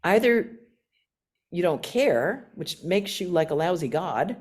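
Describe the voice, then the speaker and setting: Lively older American woman telling stories. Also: on the low side, slow pace. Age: 60s. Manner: animated, laughing, self-mocking. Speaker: guest speaker, nun. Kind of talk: storytelling talk with questions.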